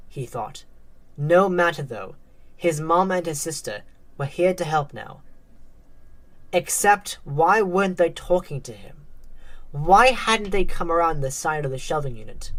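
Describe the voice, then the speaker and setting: Slow, low-voiced woman narrating a story. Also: lively intonation.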